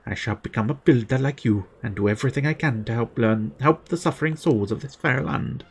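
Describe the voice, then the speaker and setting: A man's voice: mid-range voice, vocal fry, breathy edge. A man reading as an earnest holy sister. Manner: reads game dialogue aloud quickly, plain voice. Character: gentle young holy sister, earnest and grateful. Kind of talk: reading game text aloud.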